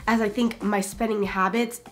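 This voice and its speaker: A woman in her twenties talking to her viewers in a casual vlog, her voice hoarse and scratchy from illness. She speaks in a chatty, candid way. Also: medium pitch, level tone, moderate pace. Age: 20s. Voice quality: raspy like a smoker. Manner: chatty and candid, with small laughs. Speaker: YouTuber. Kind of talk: casual vlog talk to camera.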